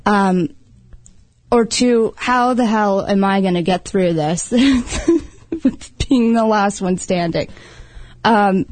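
A woman in casual talk, telling a lively story and calling her partner babe. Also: mid-range voice, slow pace, no echo, rough recording. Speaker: guest. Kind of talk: casual chat.

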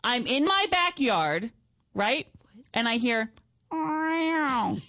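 A woman co-hosting a radio show, telling a story in casual chat with lively, animated delivery and squeaky put-on voices. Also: slow, dry recording, clean studio sound.

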